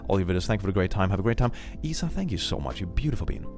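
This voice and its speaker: A man's voice: sing-song, racing, music in the background. Bubbly, giggly young man streaming. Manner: bubbly, giggly, swoops into high squeals. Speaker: streamer reading donations. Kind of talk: casual livestream chat.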